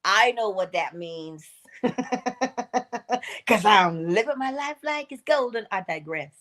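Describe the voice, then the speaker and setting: A woman hosting an inspirational morning livestream, talking in an animated, emphatic way and laughing often. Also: on the high side, slow pace. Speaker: host.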